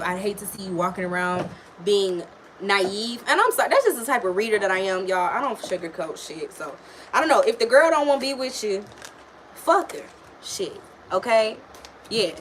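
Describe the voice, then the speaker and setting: A woman's voice: medium pitch, a little hiss or hum. A woman giving a casual live-stream tarot and astrology reading, blunt and slangy, swearing and chatting with viewers. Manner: blunt, slangy, swears freely, talks to chat.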